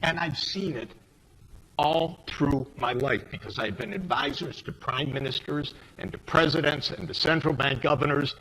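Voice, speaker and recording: An older American man speaking emphatically and indignantly on a panel, his voice rising to sharp outbursts. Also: fairly high pitch, expressive, normal speed, creaky, rough recording. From United States. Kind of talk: impassioned panel speech. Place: forum hall.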